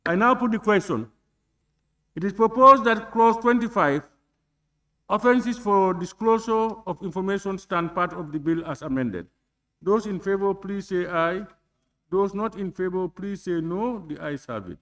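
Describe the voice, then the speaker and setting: High-voiced man chairing proceedings. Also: pushed and bright. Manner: deliberate, reads clauses slowly and puts questions. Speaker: chairing a parliamentary committee. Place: legislative chamber.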